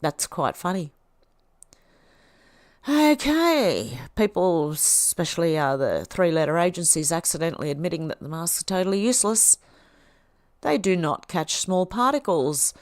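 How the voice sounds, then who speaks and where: A woman's voice: fairly low pitch, very animated, measured pace, dry recording, clean studio sound. A woman hosting a livestream, reading posts aloud and reacting in a chatty way. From Australia. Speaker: livestream host.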